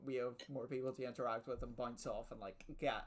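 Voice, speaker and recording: A man's voice: medium pitch, level tone, fast talker, crowd noise. A man hosting a tabletop gaming podcast, chatting casually with some stammers. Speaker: podcast host. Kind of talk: casual chat about a tabletop campaign.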